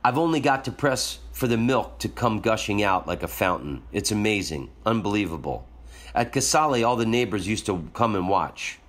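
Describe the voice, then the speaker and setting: A man's voice: lowish voice, animated, normal speed, a bit bright. A man voicing a weary, plainspoken peasant wet nurse in a read-aloud story. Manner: blunt, plainspoken talk.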